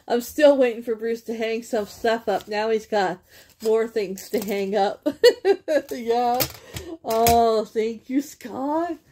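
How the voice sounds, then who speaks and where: Canadian lady opening presents on camera, high voice, slow gushy talk, giggles a lot, crinkly bags behind. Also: dark tone. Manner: giggly and gushing, laughs often. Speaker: vlogger opening a gift package. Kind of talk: casual unboxing chat. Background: crinkling bags and packaging.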